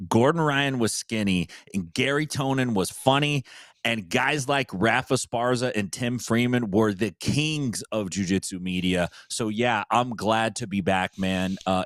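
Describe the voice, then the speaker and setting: A man's voice: mid-range voice, fairly bright tone, no echo, clean studio sound. A man co-hosting a podcast, trading laid-back jokes in casual chat. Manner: joking, laid-back banter. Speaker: podcast co-host.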